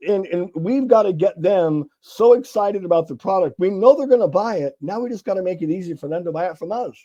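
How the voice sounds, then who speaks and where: A middle-aged man from California chats as an interview guest, animated and a little profane as he acts out the people in his anecdotes. His voice sits a touch high yet sounds mellow and relaxed. The recording is somewhat dull and lo-fi. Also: brisk. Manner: animated storyteller acting out dialogue, casual swearing. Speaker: guest sales author. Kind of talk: conversational interview storytelling.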